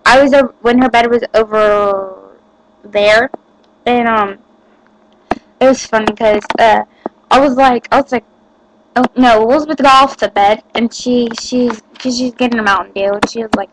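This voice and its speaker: A woman's voice: a little high, normal speed, background noise. A teenage girl chatting to the camera, giggly and rambling with lots of fillers. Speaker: vlogger. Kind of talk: casual chat to camera.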